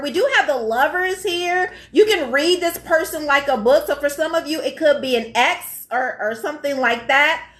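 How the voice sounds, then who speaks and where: A woman's voice: high-pitched, a bit bright. A woman giving a live tarot reading in a blunt, profane, emphatic way, often checking in with "all right?". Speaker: tarot reader.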